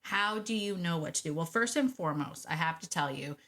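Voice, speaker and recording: Lively woman podcast host, lowish voice. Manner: animated, repeats key phrases, acts out quick quoted thoughts; direct and encouraging, addresses listener as you. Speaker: dog trainer and podcast host. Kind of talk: solo podcast coaching talk.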